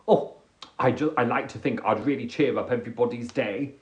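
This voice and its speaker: A man's voice: mid-range voice, normal speed, a little mellow. A man riffing in a casual, jokey, self-deprecating monologue on a live stream. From England. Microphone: phone or webcam on a live stream.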